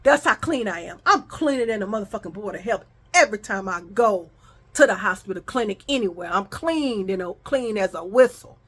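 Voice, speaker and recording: A middle-aged woman vlogging, telling a story in casual chat with animated, profane talk, often calling her viewers y'all. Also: mid-range voice, a little fast.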